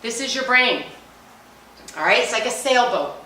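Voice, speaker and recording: Middle-aged woman, energetic emphatic talk, echoey hall, faint background noise. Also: fairly high pitch, normal speed. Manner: energetic, chatty, jokey and emphatic. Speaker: speaker at a business luncheon. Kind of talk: motivational talk on meditation. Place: large hall. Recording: echoey hall, mic at a distance.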